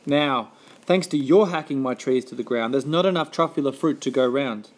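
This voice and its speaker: A man's voice: medium pitch, moderate pace, close to an everyday voice. A man voicing a small, grumpy male forest guardian who scolds indignantly in a storybook reading. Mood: scolding.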